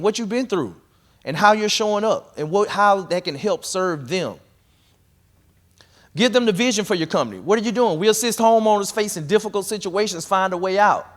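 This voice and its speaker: High-voiced man coaching a workshop crowd. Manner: energetic, conversational, coaching the audience directly. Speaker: real estate investing speaker. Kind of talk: live workshop talk. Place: room at a live event.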